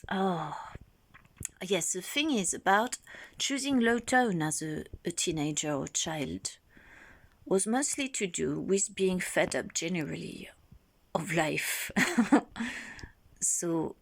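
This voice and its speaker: A woman recording herself, musing aloud about her own voice in a reflective, halting way, dropping into whispers now and then. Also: lowish voice, lively intonation. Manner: musing, thinking aloud with pauses. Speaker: vlogger.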